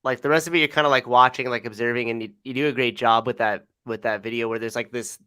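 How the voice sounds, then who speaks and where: A man at an ordinary pitch co-hosts a casual podcast chat, thinking aloud and leaning on "like" as he goes. He swears now and then, and the sound is dry and close. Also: steady tone, fast, bright, forceful tone, clean tone, no echo. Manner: reflective, heavy on "like", casual swearing. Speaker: podcast co-host.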